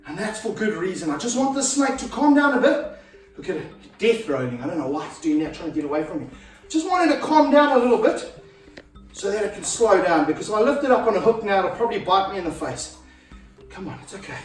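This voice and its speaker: A middle-aged man talking to camera as he handles a snake, energetic and out of breath, stopping to coax it. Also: high-pitched, fast talker. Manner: energetic, breathless, coaxing the snake between explanations. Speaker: snake handler and vlog host. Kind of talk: casual talk to camera while handling a snake. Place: echoey room with slippery floors, indoors. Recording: roomy echo, voice a bit far from the mic, faint music.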